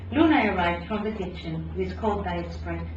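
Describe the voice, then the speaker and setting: A woman professor reading aloud from her book at a lecture, measured, dropping low at phrase ends. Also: a little hiss or hum. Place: lecture hall. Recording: roomy hall, distant dull mic.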